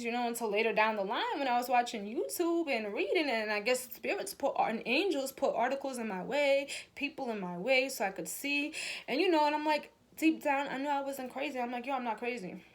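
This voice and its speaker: A woman with a somewhat high voice talks to her viewers in a loose, chatty way about spiritual matters. She is emphatic and swears freely, often calling her listeners y'all. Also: lively intonation, a little fast. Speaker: spiritual reader and vlogger. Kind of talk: casual spiritual talk to camera.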